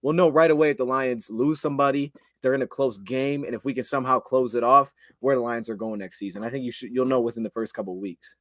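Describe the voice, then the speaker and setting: A man co-hosting a sports podcast in casual chat, talking in an animated way, laughing often and restarting his phrases. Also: mid-range voice, quick pace, few pauses, no room sound.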